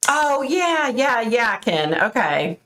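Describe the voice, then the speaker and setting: A woman's voice: on the high side, very animated, takes it slowly, sharp tone. A middle-aged woman from the United States, chatting casually on a live stream as a psychic host, laughing often and thanking viewers by name. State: overheated and sweating. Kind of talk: casual live-stream chat reading comments.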